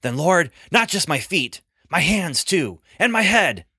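A man's voice: mid-range voice, lively intonation, a little slow, a bit bright, dry recording, studio quality. A man voicing an impulsive, earnest adult male disciple in a storybook reading, speaking in an emphatic, blurting way.

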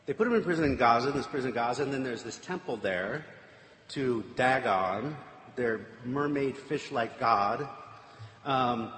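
A man's voice: mid-range voice, normal speed, a bit bright. A man casually retelling a scripture story with chatty, wry asides. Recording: echoey hall, faint room noise.

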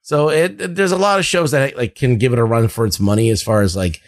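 A man's voice: medium pitch, fairly quick, no room sound, studio quality. A man co-hosting a podcast, chatting casually about a show with lots of fillers and swearing. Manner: rambling, profane, lots of fillers. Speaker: podcast co-host. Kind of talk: casual review chat.

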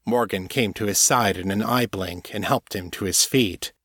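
A man narrating a fantasy story in a measured, deliberate way. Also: fairly low pitch, fairly bright tone, no room sound, studio quality. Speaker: audiobook narrator. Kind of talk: scripted fiction narration.

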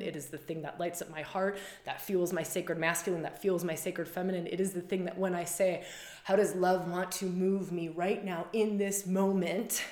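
A woman's voice: on the low side, a little mellow. A woman spiritual coach and podcast host giving an earnest, flowing talk, repeating phrases and laughing often. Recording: roomy echo.

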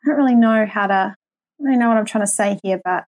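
A woman's voice: medium pitch, fast, darkish tone, dry recording. A New Zealand woman in her forties, a podcast guest, talking in a rambling, hedging way with lots of fillers. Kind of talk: casual podcast chat.

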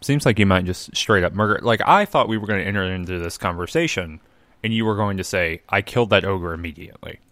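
A man co-hosting a casual podcast chat, telling a story in an animated way with joking asides. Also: fairly low pitch, a little fast, dry recording. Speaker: podcast co-host.

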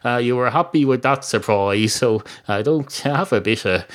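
A man's voice: mid-range voice, normal speed, lightly acted. A man voicing a flippant rambling cat. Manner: flippant, rambling, rude asides. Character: cheeky sardonic talking cat at the nativity. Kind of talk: improvised comic storytelling.

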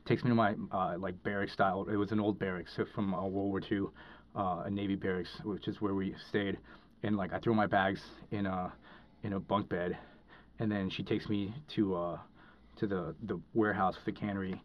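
A man's voice: low-pitched, level tone, normal speed. A man, a podcast guest, telling a story in casual, rambling talk full of fillers and restarts. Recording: dull lo-fi recording.

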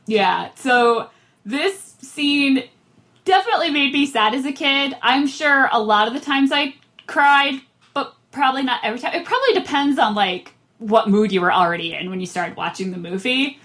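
A woman's voice: sits high, moderate pace. A woman co-hosting a podcast, chatting casually and expressively about a film scene. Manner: expressive, emotional. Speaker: podcast co-host. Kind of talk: casual chat.

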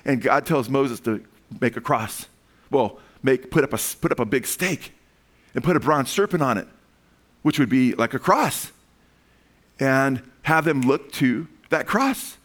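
A man preaching a sermon, emphatic and rising to excited peaks, often asking his listeners for an amen. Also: mid-range voice, unhurried. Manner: emphatic preaching with frequent call-outs for amen. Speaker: pastor.

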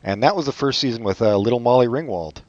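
A man co-hosting a podcast, chatting casually with sardonic, deadpan asides. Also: medium pitch, fast talker, dry recording, dull audio. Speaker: podcast co-host. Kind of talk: casual chat.

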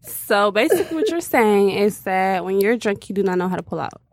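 A woman's voice: mid-range voice, expressive, a little fast, a little mellow, dry recording. A woman co-hosting a casual podcast chat, speaking frankly and firmly about her opinions. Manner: frank and matter-of-fact, firm opinions. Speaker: co-host.

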